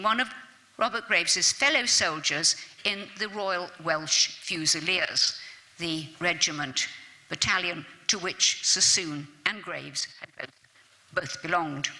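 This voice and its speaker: An older woman lectures on literature in a low, very bright voice, measured and reflective, pausing often. The sound carries the long reverb of a lecture hall. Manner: measured, reflective, with pauses and restarts. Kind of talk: literature lecture with poetry reading.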